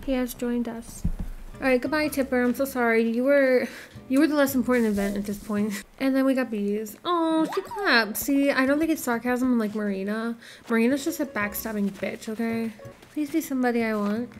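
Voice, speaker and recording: A woman's voice: fairly high pitch, moderate pace. A woman hosting her gaming channel, reacting with dramatic, profane, exaggerated outbursts during casual game commentary.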